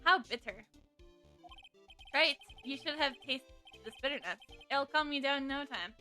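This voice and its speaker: A woman's voice: sits high, expressive, moderate pace, sharp tone, soft background music. A woman voicing a cool, sardonic male prosecutor who teases and lectures. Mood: smug.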